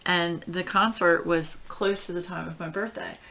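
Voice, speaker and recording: A middle-aged woman telling a story at home in casual chat, rambling and animated, with many fillers. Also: fairly low pitch, moderate pace, gravelly. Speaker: crafting channel host.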